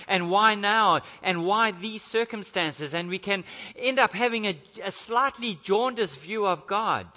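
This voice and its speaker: A man's voice: high voice, pushed and bright, in a large hall, lo-fi sound. A man preaching a sermon, telling a story and then building to earnest emphasis.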